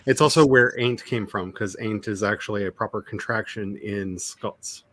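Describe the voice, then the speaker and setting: A man's voice: fairly low pitch, moderate pace, a bit bright, no echo. A man, an author hosting a casual chat, talking in long, wry digressions. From Ozarks, USA. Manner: chatty, digressive, wry asides. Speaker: author and channel host.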